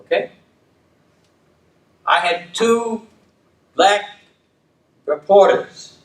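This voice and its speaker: An older man and former dean talking reflectively, restating his points with emphasis and often checking in with "okay?". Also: fairly high pitch. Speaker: community leader and former dean. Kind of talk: reflective conversation. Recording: roomy, distant mic with faint room noise.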